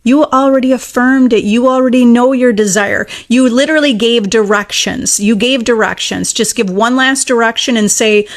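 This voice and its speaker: A woman coaching on manifesting in a relaxed, conversational talk. Her voice sits a little high. She presses her points earnestly, circling back to repeat them until they land. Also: normal speed, hardly any pauses. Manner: earnest, emphatic, repeats key phrases. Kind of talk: casual teaching monologue.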